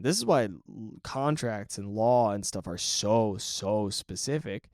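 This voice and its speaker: A man's voice: on the low side, expressive, unhurried, a little mellow, no echo, studio quality. A man hosting a solo podcast, talking casually and acting out quoted voices, often asking "right?". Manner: conversational, acts out quoted voices, frequent "right?". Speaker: podcast host.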